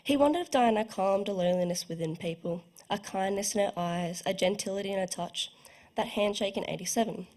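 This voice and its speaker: Her voice sits mid-range with a darkish tone, and she reads briskly. The young student writer shares her own short story at a book launch, reading carefully and evocatively with a few minor slips.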